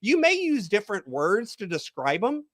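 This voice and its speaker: A man with a fairly high voice, coaching as a podcast guest. He talks the listener through a story, guiding them to imagine step by step. The sound is dry and close. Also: huge pitch swings, moderate pace, a bit bright, no echo. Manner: storytelling, guided visualization. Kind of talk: podcast interview.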